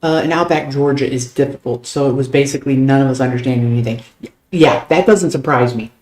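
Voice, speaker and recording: Young man, rapid casual streamer chat, mid pitch, roomy echo. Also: a little mellow. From United States. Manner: talks very fast, loose and profane. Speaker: game streamer.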